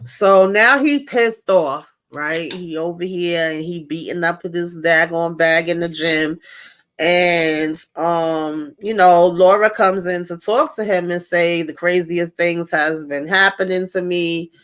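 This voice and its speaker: A woman's voice: on the low side, fairly even intonation, slow pace, fairly bright tone. A woman co-hosting a casual movie discussion, retelling scenes and acting out the lines with laughs. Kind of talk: casual movie recap chat.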